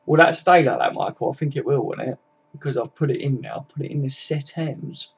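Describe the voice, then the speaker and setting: A man's voice: mid-range voice, brisk, vocal fry, husky. A tired young man chatting casually and swearing freely as he wraps up a football live stream.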